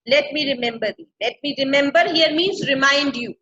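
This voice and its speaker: An English literature teacher with a high, bright, forceful voice speaks fairly quickly as she teaches a play. She reads each line of the old verse, then paraphrases it in plain words, on a dull lo-fi recording.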